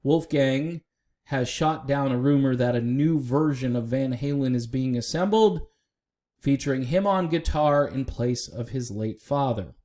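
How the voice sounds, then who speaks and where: Mellow-voiced man giving opinionated music commentary. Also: medium pitch, measured pace. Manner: opinionated, conversational, with fillers and asides to viewers. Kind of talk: casual solo commentary.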